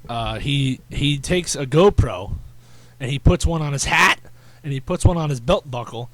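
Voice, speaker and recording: A man's voice: medium pitch, expressive, normal speed, a bit bright, dry recording. A man hosting a podcast, telling rambling stories in casual chat with crude slang. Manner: rambling storyteller, fillers and restarts, crude slang. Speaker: podcast host.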